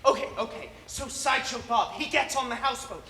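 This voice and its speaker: A teenage actor playing Matt, an excitable young man in a stage play, retelling a story in stumbling bursts. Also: mid-range voice, brisk, far from the mic. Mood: eager. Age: teens. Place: school auditorium stage. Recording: echoey auditorium with faint noise.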